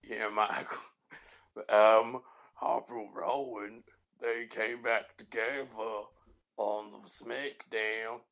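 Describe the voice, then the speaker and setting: A man's voice: lowish voice, little pitch movement, slow, creaky, fairly bright tone, highs cut off, exaggerated voice. A man putting on a boastful male wrestling commentator with a southern drawl. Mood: smug. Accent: put-on American southern.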